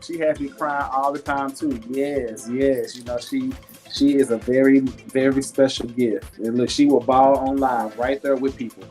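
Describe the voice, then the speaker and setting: A man's voice: medium pitch, steady tone, unhurried, faint music behind. A man hosting a casual live jewelry sales stream, chatty and laughing often, reading viewer comments aloud and talking about his faith. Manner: warm and churchy, talks faith.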